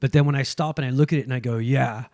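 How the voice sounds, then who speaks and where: A man's voice: medium pitch, very fast, no echo, studio quality. A man, a guest comedian, chatting casually on a podcast and acting out quotes as he tells stories. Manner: animated storyteller, acts out quotes.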